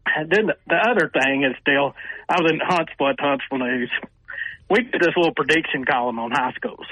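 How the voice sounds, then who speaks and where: An older man, a sportswriter telling animated stories as a radio guest and acting out what people said. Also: a little high, fairly quick, no room sound, poor audio. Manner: animated storyteller who acts out quotes with raised voices. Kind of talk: radio interview storytelling.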